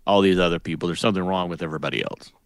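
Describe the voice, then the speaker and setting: Man, casual chat, reflective, hedging, low-pitched, dry close sound. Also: very fast, no room sound. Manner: reflective, hedging with "I mean" and "you know". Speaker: podcast co-host.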